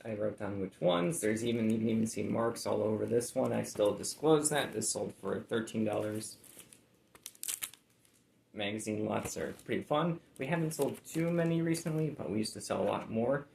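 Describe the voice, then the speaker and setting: A man with a low, gravelly voice talks in a laid-back, rambling way, full of "like" and "uh". He sounds as though he is in an echoey room, with faint background noise. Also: normal speed, a little mellow. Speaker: reseller showing sold items. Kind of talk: casual chat.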